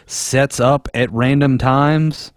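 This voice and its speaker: Male podcast co-host, mid-pitched, dry close mic, loose profane storytelling. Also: slow pace, dry recording. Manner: profane, rambling, animated retelling. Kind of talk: casual movie discussion.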